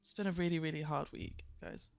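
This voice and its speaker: A woman's voice: deep voice, fairly quick, vocal fry, darkish tone, no room sound, faint music behind. Giggly woman streamer, dry close mic. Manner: chatty, giggly, self-mocking. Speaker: live streamer. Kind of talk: casual live-stream chat. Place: home streaming room. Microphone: streaming microphone.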